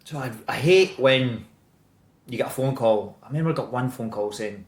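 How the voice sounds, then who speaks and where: A Scottish actor in his thirties chatting as a podcast guest, animated and swearing freely as he tells stories. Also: medium pitch, moderate pace, roomy sound. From Scotland. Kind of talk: casual interview chat.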